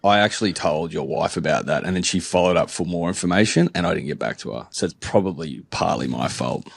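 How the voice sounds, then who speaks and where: A man's voice: deep voice, expressive, a little fast, vocal fry, slightly rough, no room sound. A man chatting casually on a podcast, blokey and sweary, calling everyone mate. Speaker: podcast co-host. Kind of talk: casual chat.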